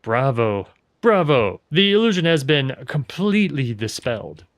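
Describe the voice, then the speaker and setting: A man voicing a tipsy, boastful rustic craftsman in a game, with folksy dialect and a drawn-out, theatrical delivery. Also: medium pitch, sing-song, no room sound. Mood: cheerful.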